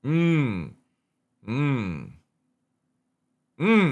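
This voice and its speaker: Slow-talking Scottish man, sweary streamer. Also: on the high side, lively intonation, a bit bright. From Scotland. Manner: blunt, sweary, thinking aloud with long murmured pauses. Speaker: game streamer. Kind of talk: casual live-stream chat.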